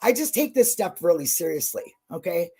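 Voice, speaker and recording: A husky woman chatting on a livestream, her voice a little breathy. She is openly emotional and effusive, and blunt enough to swear when something bothers her. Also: fairly low pitch, very animated, normal speed, warm tone. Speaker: true crime channel guest. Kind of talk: casual livestream chat.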